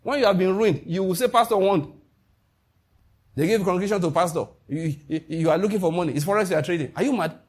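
A man with a Nigerian accent preaching a sermon as pastor, emphatic and animated, with Pidgin asides. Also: high voice, fast, slightly rough.

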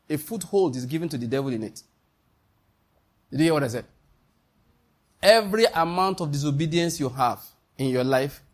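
Nigerian male preacher, husky and fairly high-pitched, emphatic, repeats points, quizzes listeners. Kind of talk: sermon.

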